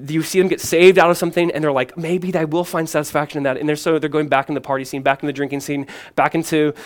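Earnest pastor preaching, man with raised pitch. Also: little pitch movement, quick pace, smooth. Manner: earnest and emphatic, asks and answers questions, swings from loud to hushed; conversational, drops in "man". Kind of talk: sermon.

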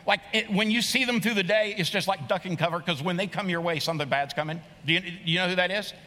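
A middle-aged male pastor preaches with earnest emphasis and a high, ringing tone. His bright, forceful voice carries a long hall reverb from a large sanctuary. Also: fast talker. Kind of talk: sermon.

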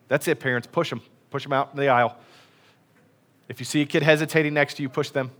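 A man's voice: mid-range voice, steady tone, quick pace, fairly bright tone. A man preaching a casual, folksy sermon in a church, chatty and self-deprecating with many fillers. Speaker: pastor. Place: church sanctuary.

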